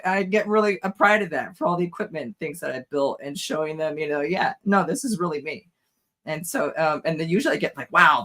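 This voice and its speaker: A hoarse, tired man chatting on a podcast, his voice sitting a bit high for a man. He rambles through stories with plenty of fillers and breaks into laughs often. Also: a bit bright. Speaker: podcast co-host. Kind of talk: casual chat.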